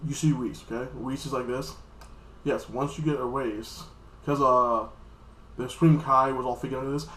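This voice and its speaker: An anime reviewer casually recaps an episode in a loose, rambling way, often acting out characters' lines in quick voices. His mid-range voice has fairly even intonation and a fairly bright tone, and the sound is roomy.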